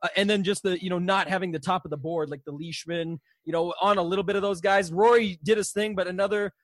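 A man with a high-pitched voice chats casually as a podcast co-host and jokes at his own expense. The sound is close and dry. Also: fairly even intonation, quick pace, no echo.

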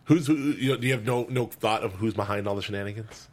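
A man from Los Angeles co-hosting a casual chat about a TV show, telling stories in a rambling, animated way with lots of restarts. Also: lowish voice, quick pace. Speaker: co-host.

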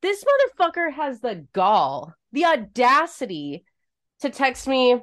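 A woman's voice: high-pitched, huge pitch swings, takes it slowly, fairly bright tone. Woman telling a crude story. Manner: frank, crude storytelling with swearing. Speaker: podcast co-host. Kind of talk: casual chat.

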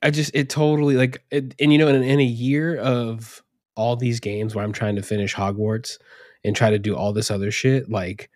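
A man's voice: medium pitch, fairly even intonation, normal speed, a little mellow, no room sound, studio quality. Rambling, profane podcast guy. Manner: rambling, profane, laughs often. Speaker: podcast co-host. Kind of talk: casual chat.

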